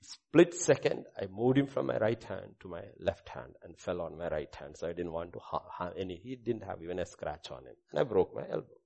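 Gravelly preacher man, loud then hushed. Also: deep voice, animated, fairly quick, hardly any pauses. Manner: dramatic swings between loud proclamation and hushed asides. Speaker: pastor. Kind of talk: sermon with personal testimony.

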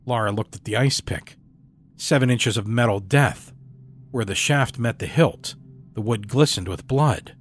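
A man reading a horror story aloud in a measured, dramatic storytelling delivery. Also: medium pitch, slightly rough, faint music behind. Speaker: story narrator. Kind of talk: scripted horror narration.

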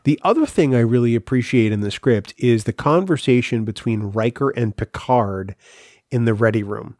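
A man co-hosts a podcast and weighs the strengths and weaknesses of an episode in a thoughtful, analytical way. His voice sits in a middle pitch. The sound is dry and close, with no room echo. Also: normal speed, darkish tone. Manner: thoughtful, analytical, with some restarts. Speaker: podcast co-host. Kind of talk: casual chat.

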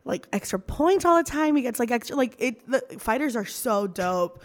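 A woman's voice: on the high side, expressive, moderate pace. A woman talking casually as a podcast guest in a studio, rambling with lots of fillers and frequent laughter. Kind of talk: casual chat.

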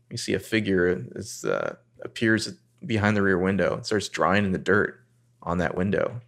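A man co-hosting a casual podcast, recapping a TV episode and quoting the characters in excited voices. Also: creaky. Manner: animated, jumps into high voices quoting characters.

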